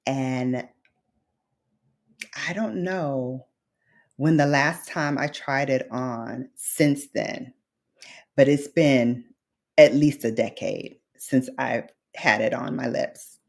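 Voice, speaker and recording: A woman's voice: very deep voice, takes it slowly, creaky, pauses often, darkish tone. A woman from Brooklyn, a beauty vlogger chatting casually with her viewers, heartfelt and nostalgic, calling them babes and honey. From Brooklyn, New York. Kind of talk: casual livestream chat with viewers.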